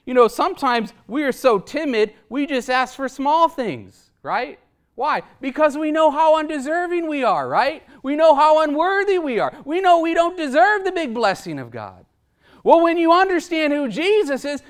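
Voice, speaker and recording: A man's voice: very high voice, a bit bright. A man preaching a sermon in an emphatic, rhetorical style, often tagging his points with "right?" and chuckling between them.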